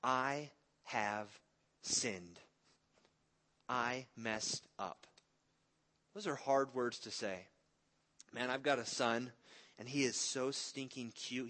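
A pastor in his thirties preaches in an earnest, conversational manner, weaving in stories about his family. His voice is mid-range and bright, with a forceful tone.

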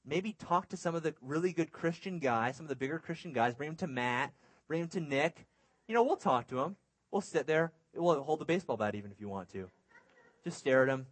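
A man's voice: fairly high pitch, animated, brisk, dry recording. A young man preaching a sermon to a youth church, earnest and conversational with humorous asides. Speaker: youth pastor.

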